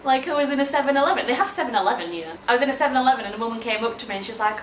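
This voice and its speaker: A woman's voice: fairly high pitch, lively intonation, racing, hardly any pauses, a little hiss or hum. A young woman from England, chatting casually to camera as a vlogger, bubbly and full of exclamations. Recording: roomy echo.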